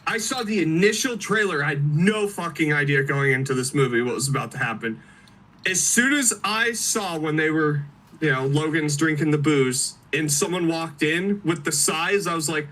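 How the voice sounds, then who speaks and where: High bright-voiced man, lively storyteller. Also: normal speed, far from the mic, poor audio. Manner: animated, swearing, laughing storyteller. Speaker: podcast co-host. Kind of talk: excited casual movie chat.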